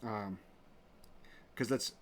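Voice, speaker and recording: A man's voice: on the low side, very slow. Rambling, indignant male show host. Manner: rambling, indignant, full of restarts. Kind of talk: casual commentary.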